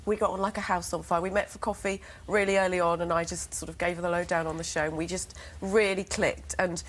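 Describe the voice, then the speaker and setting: An English woman as a guest on a TV studio sofa, telling lively anecdotes and acting out what people said. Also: fairly low pitch, fast, slight background noise. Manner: lively storyteller, acts out quotes. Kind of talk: chatty showbiz interview anecdotes.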